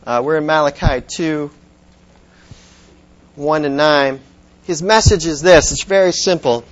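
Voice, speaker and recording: A man preaching from the pulpit in a fairly high voice, speaking in a loose, conversational way that stumbles and restarts. The sound is dull and lo-fi. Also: steady tone, takes it slowly. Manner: conversational, with many restarts and repeated words. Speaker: pastor. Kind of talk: sermon.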